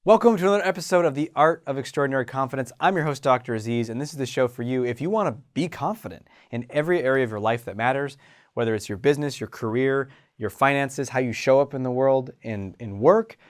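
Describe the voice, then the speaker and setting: A man hosting a self-help show about confidence, talking in an animated way and acting out inner voices. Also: mid-range voice, fairly quick. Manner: animated, acts out inner voices, frequent restarts. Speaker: host and confidence coach. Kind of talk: motivational self-help talk.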